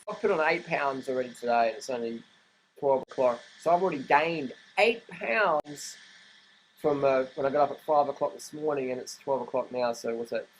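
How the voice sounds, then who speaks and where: A man's voice: mid-range voice, a little hiss or hum, low-quality recording. A man talking in an emphatic, repetitive vlog rant, laughing often. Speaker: vlogger.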